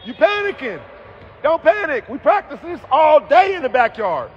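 A man coaching a youth basketball team from the sideline, calling out loud encouragement and repeating himself. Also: very high voice, very animated, normal speed, highs cut off, a little hiss or hum. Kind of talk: courtside coaching shouts.

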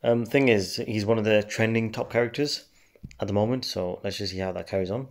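Man, gaming commentary, low voice, gravelly, relaxed, rambling. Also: brisk. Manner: relaxed, rambling, many fillers. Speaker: game channel host. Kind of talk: casual gameplay commentary.

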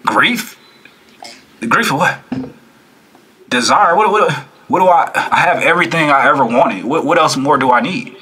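A man hosting a reaction video, talking casually and preachily to his viewers, animated, repeating phrases and firing rhetorical questions. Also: a little high, measured pace, long pauses, slightly rough.

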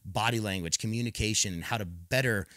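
A man's voice: lowish voice, a little fast, bright, forceful tone, no room sound, clean studio sound. Man telling his story with emphatic restarts. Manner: emphatic, repeats words when restarting, quotes others in his own voice. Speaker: podcast guest. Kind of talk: candid personal storytelling.

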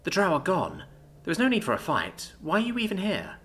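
A man voicing a calm, composed young elf-like woman who speaks reasonably. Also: sits high, fairly quick, pitched above the performer's own voice, exaggerated voice.

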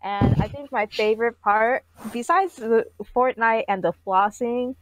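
A woman's voice: fairly high pitch, a little slow, a little hiss or hum, poor audio. A woman co-hosting a casual podcast, giving bubbly, rambling feedback on a comic. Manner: bubbly, rambling, playful voices. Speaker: co-host reviewing comics.

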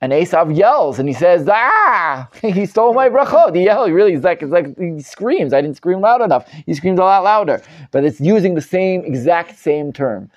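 Emphatic rabbi teaching, lo-fi. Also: male voice, on the high side, moderate pace, hardly any pauses. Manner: animated, emphatic, many restarts and repeated words. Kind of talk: live Torah class with student questions.

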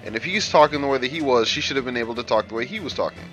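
A man's voice: mid-range voice, expressive, rapid-fire, a bit bright, soft background music. A man hosting a casual let's play, brash and trash-talking as he reads game lines aloud and mocks them. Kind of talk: casual gameplay commentary.

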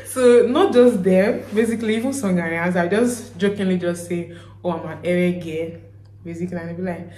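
A woman's voice: medium pitch, fairly even intonation, fairly quick, warm tone. A woman with a Nigerian accent, chatting casually to her vlog audience and acting out little bits of dialogue as she rambles and corrects herself. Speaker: vlogger. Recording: roomy echo.

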